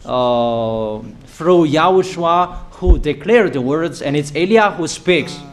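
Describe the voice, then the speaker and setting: A man with a somewhat high voice delivers a prophetic declaration sermon. He is emphatic and commanding and drives his warnings home by repeating them. His phrasing is non-native and broken by frequent hesitations. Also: lively intonation, slow. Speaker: self-proclaimed prophet preacher.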